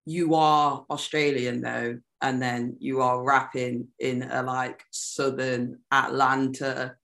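A young woman musician chatting as an interview guest, animated and laughing often, often trailing off mid-sentence. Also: rumbling low, slow pace, creaky. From United Kingdom. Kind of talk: casual interview chat.

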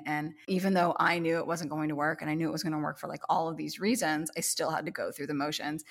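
Gravelly, chatty woman telling a story. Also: low voice, a bit bright. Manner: chatty storyteller, heavy use of "like", acts out quotes. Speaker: guest denim expert. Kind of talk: casual podcast chat.

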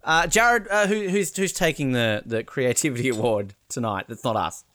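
A man hosting a casual podcast, jokey and quick to laugh. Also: medium pitch, a bit bright. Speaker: podcast host.

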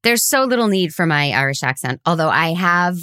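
A woman's voice: fairly low pitch, expressive, a little fast, bright, forceful tone, smooth, no room sound, clean studio sound. A woman hosting a casual chat, wry and dryly humorous, rambling through her thoughts. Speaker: podcast host, actor and audiobook narrator.

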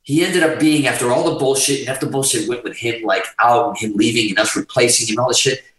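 A man guest telling a long profane story in casual chat, animated and rambling. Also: medium pitch, quick pace. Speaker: podcast guest, musician. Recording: roomy, distant mic.

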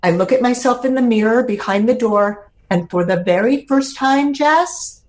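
A woman's voice: on the high side, moderate pace, darkish tone. An older woman, a podcast guest, telling her personal story in an earnest, heartfelt way, close to tears at times.

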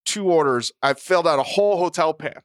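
Male podcast co-host, profane and self-mocking, bright smooth voice, dry studio sound. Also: a little high, lively intonation, brisk, no echo. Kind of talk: casual chat.

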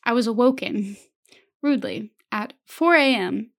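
A woman's voice: on the high side, animated, unhurried, fairly bright tone. A young woman co-hosting a podcast, telling stories in casual chat and often laughing. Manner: chatty storytelling, laughs often. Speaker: podcast co-host.

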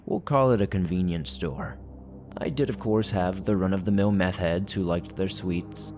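A man with a very low voice reads a horror story aloud as the show's narrator. His delivery is steady and measured, and soft music plays faintly under his words.

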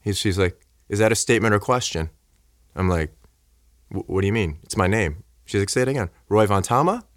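A man's voice: on the low side, a little fast, no room sound, studio quality. A man chatting as a podcast guest, telling a story with lots of fillers and acting out what people said to him. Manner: animated, acts out quoted dialogue; many fillers like "like" and "you know". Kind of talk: casual storytelling chat.

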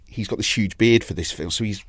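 Recorded dry with clean studio sound, a man with a voice on the low side talks fairly quickly. He is a Welsh DJ who owns a label, chatting casually in an interview and rambling through long stories with frequent restarts.

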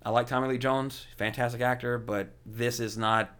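A man's voice: mid-range voice, level tone, normal speed, a bit bright, smooth. Chatty man rambling about movies. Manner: rambling, lots of fillers, enthusiastic. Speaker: podcast host. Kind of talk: casual film chat.

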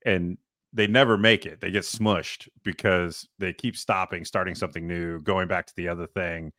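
A man's voice: deep voice, steady tone, sharp tone, no room sound, clean studio sound. A man co-hosting a podcast, making emphatic points with analogies and frequent "right?" checks. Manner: emphatic, explains with analogies and quick rhetorical "right?". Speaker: podcast co-host. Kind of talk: casual podcast chat.

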